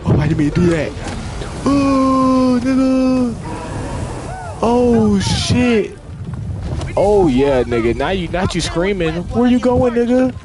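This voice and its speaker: A young man streaming a video game, reacting with loud excited exclamations and profane trash talk at the enemies. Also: sits high, slow pace, long pauses, noisy background. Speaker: gaming streamer. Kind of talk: live gameplay commentary. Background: loud game music.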